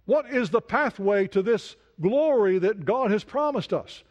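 A man preaching a sermon in an earnest way, dropping to a soft hush when he speaks prayers. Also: high voice, animated, measured pace. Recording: dull lo-fi sound.

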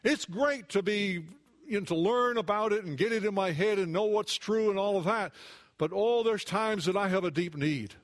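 A male pastor delivers a sermon in a high, light voice. He talks earnestly to his congregation, often sinking into near-hushed tones before rising again. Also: moderate pace. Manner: earnest, swings between hushed and raised.

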